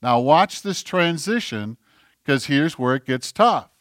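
A male pastor preaching a sermon, animated, swinging between forceful delivery and near whispers. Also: fairly high pitch, a little slow, dry recording, studio quality.

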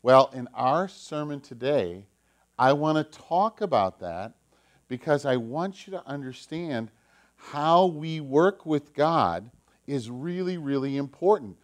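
A pastor telling a story to children during a sermon, in an animated, emphatic way. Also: male voice, on the high side, slow pace.

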